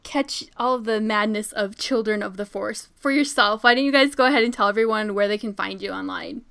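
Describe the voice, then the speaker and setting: A woman's voice: medium pitch, a little fast, vocal fry, a bit bright, clear, resonant tone. A woman hosting a podcast interview, upbeat and laughing easily between short encouraging replies. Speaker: podcast host.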